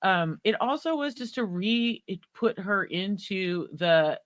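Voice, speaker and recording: A woman hosting a live book talk, chatting in an excitable, rambling way with many restarts. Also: mid-range voice, a little slow. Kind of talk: casual live-streamed conversation.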